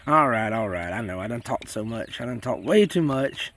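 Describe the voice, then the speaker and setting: Animated and at normal speed, this man's mid-range voice comes across a bit bright, with a little hiss or hum behind it. Hosting his homesteading channel from a farm by his chickens, the South Carolina native rambles casually and folksily, leaning on y'all.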